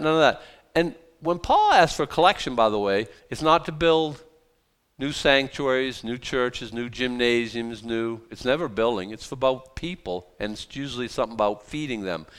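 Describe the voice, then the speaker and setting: Man, pastor, conversational sermon, joking asides, smooth resonant voice. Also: medium pitch, fairly bright tone. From South Boston. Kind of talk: verse-by-verse sermon.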